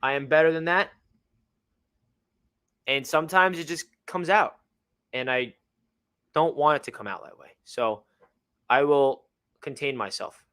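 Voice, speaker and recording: A young man hosting a live fan reaction stream, reading out donations and venting about his team with swings between gloom and excitement. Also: on the high side, unhurried, long pauses, clean tone. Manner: emotional, reads out donor messages, swings between gloomy and fired-up. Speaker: livestream host.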